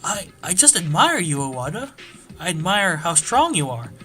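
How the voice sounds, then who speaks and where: A man voicing a timid, earnest small young programmer in a game let's play, soft and hesitant. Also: on the high side, very animated, normal speed, soft background music.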